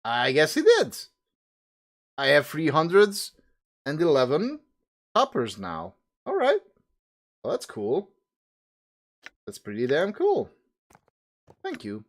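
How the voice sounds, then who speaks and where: A man hosting a gaming video, doing casual commentary, animated and joking at himself. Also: a little high, takes it slowly, pauses often.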